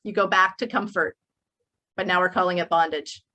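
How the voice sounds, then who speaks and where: A woman's voice: lowish voice, steady tone, normal speed, sharp tone. A middle-aged woman speaking to her audience in an emphatic, preachy way, as the speaker at a motivational workshop. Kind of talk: motivational speech. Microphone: speaking to a live online group.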